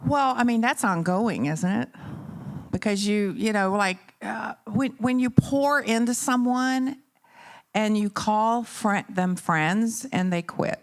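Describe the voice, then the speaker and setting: A middle-aged woman speaks to a conference crowd in an animated storytelling manner. Her pitch sits in an ordinary middle range for a woman. She keeps asking the listeners rhetorical questions as she drives her motivational points home. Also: takes it slowly. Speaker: keynote speaker. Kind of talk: motivational talk to a live audience. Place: conference venue.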